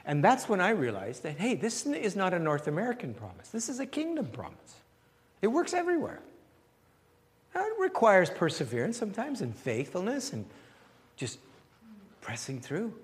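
A man pastor giving a conversational sermon with questions and answers, animated and repeating phrases as he searches for words. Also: high-pitched, moderate pace, big-room sound.

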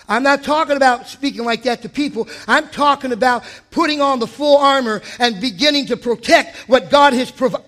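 Male pastor, high and bright voice, fiery sermon, hushed-to-shouting delivery. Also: normal speed. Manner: shouting declarations, swinging from hushed to loud. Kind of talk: energetic sermon.

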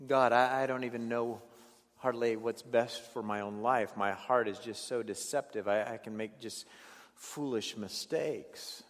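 A man preaching a sermon as a pastor, in an earnest way, often stumbling over repeated words and moving between hushed passages and raised ones. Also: medium pitch, unhurried, in a large hall. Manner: earnest, stammering restarts, swings between hushed and raised delivery.

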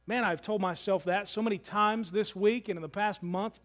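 A man preaching a sermon as pastor, earnest, slowing and softening for emphasis. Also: high-pitched, steady tone.

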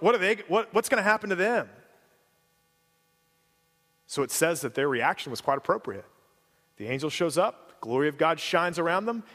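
A pastor giving a conversational sermon with casual asides and relaxed, everyday phrasing. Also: male voice, fairly high pitch, long reverb tail.

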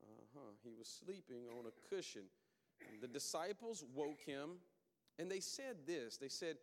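A man's voice: fairly high pitch, expressive, moderate pace, long reverb tail, a little hiss or hum. A man preaching a sermon in a conversational, emphatic way, calling out to his congregation.

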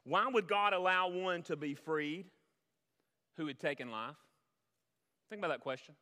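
Bright high-voiced man preaching in a hall. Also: normal speed. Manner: preaching with sudden swings between loud emphasis and hushed, low-voiced reflection. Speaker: pastor. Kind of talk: sermon. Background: band music.

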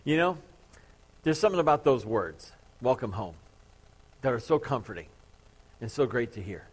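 A man's voice: medium pitch, very animated, normal speed, slightly rough. A man in his thirties, a pastor preaching to his church congregation, telling a story in a casual, joking, self-deprecating way. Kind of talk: sermon.

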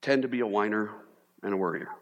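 A man preaches to his congregation, lively and animated, now and then jumping into exaggerated panicked voices to make a point. His voice sits on the low side. A long reverb trails each phrase through the church hall. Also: fast talker, dull audio. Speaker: pastor. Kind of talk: sermon.

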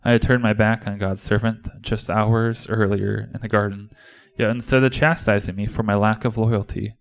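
A man's voice: on the low side, little pitch movement, moderate pace. A man performing an impassioned first-person monologue in a church service, speaking as a disciple. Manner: impassioned, indignant storytelling.

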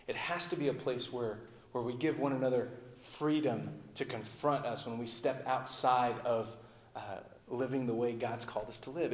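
Man preaching in an echoey hall. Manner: conversational preaching, dropping low and soft at phrase ends. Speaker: pastor. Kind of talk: sermon. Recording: echoey hall with long reverb.

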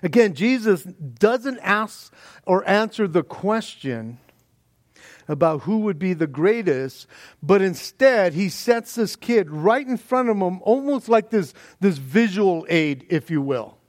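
A pastor preaching a sermon, animated and conversational, with frequent restarts and chuckles. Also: male voice, sits high, slow pace, no room sound, clean studio sound. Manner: animated, stumbling restarts, laughs often.

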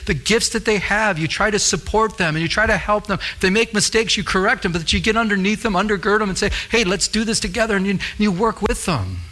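A man's voice: sits high, sharp tone. A middle-aged man, a pastor, preaching an earnest sermon, repeating his phrases and telling stories along the way.

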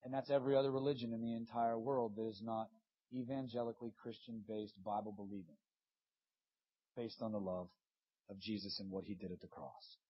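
A man in his thirties preaching a sermon, impassioned, swinging between loud urging and hushed, earnest stretches. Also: lowish voice, fairly even intonation, a little fast, slightly rough, lo-fi sound. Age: 30s.

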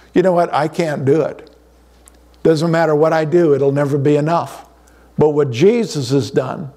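A middle-aged pastor delivers a conversational sermon in a fairly high, warm voice. He often restarts his sentences, repeating words as he does.

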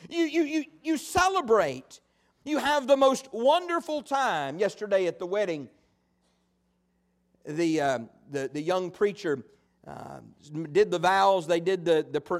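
A man preaching a sermon, telling stories in a folksy, animated way. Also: sits high. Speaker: pastor.

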